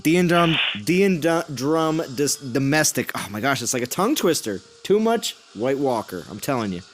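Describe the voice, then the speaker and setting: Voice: mid-range voice, sing-song, moderate pace, faint music behind. A stream host chatting casually with friends, laughing often and tripping over words now and then. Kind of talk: casual chat on a live stream.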